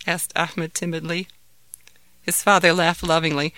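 A woman narrating a children's story aloud in an expressive read-aloud manner. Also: low voice, moderate pace, dry recording.

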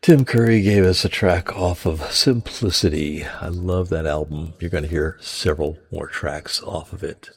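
A tired man hosting a music stream, chatting between tracks and greeting viewers in the chat in a relaxed, rambling way. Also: low voice, moderate pace, hardly any pauses, husky. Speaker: radio or stream DJ. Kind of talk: laid-back music show patter.

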